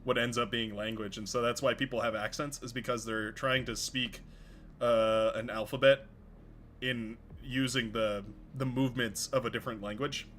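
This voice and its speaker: A man's voice: medium pitch, fairly even intonation, moderate pace, a bit bright, a little hiss or hum. A young man hosting a game livestream, rambling casually with frequent laughs and restarts. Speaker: stream host and game caster.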